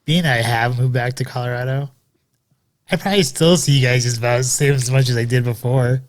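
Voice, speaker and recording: A man with a middle-pitched voice on a relaxed podcast. He is friendly and moves the conversation along from one segment to the next. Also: brisk. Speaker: podcast co-host. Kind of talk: casual chat.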